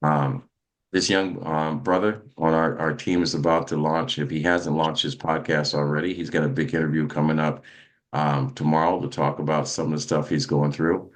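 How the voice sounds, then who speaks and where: A man's voice: extremely low pitch, flat delivery, normal speed. A man hosting a motivational podcast, talking in an emphatic, preachy way with frequent restarts. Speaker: host.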